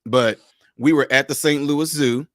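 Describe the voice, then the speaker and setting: A man hosting a livestream, telling stories in a lively, casual way and laughing often. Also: medium pitch, unhurried, no room sound, studio quality. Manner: animated storyteller, laughs often. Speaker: livestream host.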